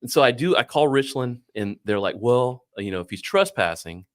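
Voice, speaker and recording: A middle-aged man telling a long story casually, animated, swearing and acting out what others said. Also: medium pitch, normal speed. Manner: animated, swearing, acts out quoted voices. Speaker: podcast guest.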